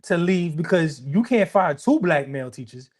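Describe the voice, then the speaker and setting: A man's voice: on the high side, animated, normal speed. A young man, co-hosting a podcast in casual, emphatic conversation and often repeating himself. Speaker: podcast co-host.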